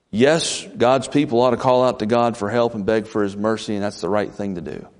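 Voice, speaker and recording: A man preaching a folksy, conversational sermon as pastor, with sudden leaps in pitch. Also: quick pace, hardly any pauses, darkish tone.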